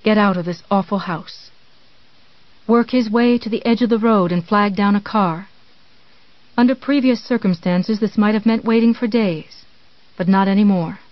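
A woman narrating a thriller novel in a measured, tense storytelling manner with dramatic pauses. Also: mid-range voice, no room sound. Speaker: audiobook narrator. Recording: dull, dry studio read.

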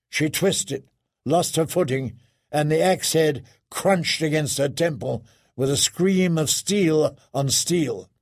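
Slow, gravelly male audiobook narrator. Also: a little high, darkish tone. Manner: slow, measured storytelling with grim weight. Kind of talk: scripted narration.

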